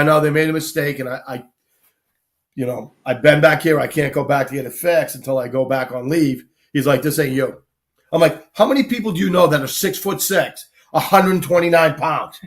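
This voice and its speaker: A man, casually telling lively army anecdotes on a live talk show and acting out the people he quotes. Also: fairly high pitch. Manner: animated anecdotes, acts out quoted people, laughs often. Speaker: guest storyteller, army veteran.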